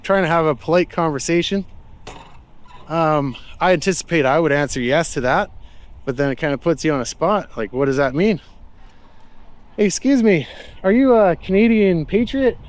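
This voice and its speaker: A man's voice: on the high side, moderate pace, long pauses. A man vlogging while walking outdoors in a city, asking passersby questions in a friendly, reflective way with loose fillers. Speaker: street interviewer and vlogger. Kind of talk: casual walking vlog with street questions. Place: outdoors in a city street and park.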